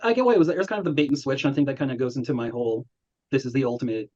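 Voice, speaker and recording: A man's voice: mid-range voice, rapid-fire. A young man hosting a film review chat, telling stories casually and acting out quoted voices. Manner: animated storytelling with quoted voices. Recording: dull lo-fi audio.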